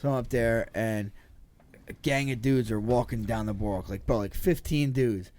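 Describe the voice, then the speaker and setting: A man from New Jersey, a former football player guesting on a podcast, telling stories in a swearing, animated, stumbling way. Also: mid-range voice. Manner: profane, animated storyteller with quick restarts. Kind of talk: casual storytelling chat.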